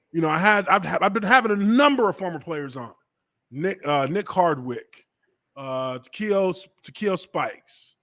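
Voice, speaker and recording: A man in his thirties who hosts a podcast and tells stories in a profane, animated way, acting out the voices he quotes. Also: on the high side. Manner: profane, acts out quoted voices, laughs often. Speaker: podcast host and former NFL lineman. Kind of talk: animated storytelling, casual chat.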